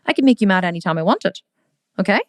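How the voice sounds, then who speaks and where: Lively woman hosting a motivational podcast. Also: mid-range voice, quick pace, no echo, studio quality. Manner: lively, addresses the listener directly, acts out quoted voices. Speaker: podcast host and coach. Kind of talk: casual motivational podcast monologue.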